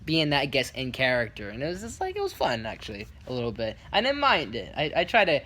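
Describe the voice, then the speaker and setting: A man telling a casual story on his vlog, rambling with many restarts and fillers and bringing it to life by acting out what others said. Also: on the high side. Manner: lively retelling with quick quoted voices. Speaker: vlogger.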